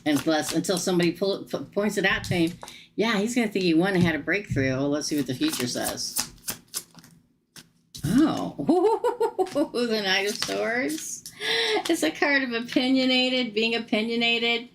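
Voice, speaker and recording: A woman reading tarot on a live stream, chatty and animated, laughing often. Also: medium pitch, normal speed, noisy background. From United States. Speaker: tarot reader.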